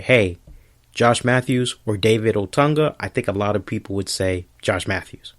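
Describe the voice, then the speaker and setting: Slow-talking profane podcast host, a man. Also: medium pitch. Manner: profane, rambling, animated. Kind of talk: casual podcast rant.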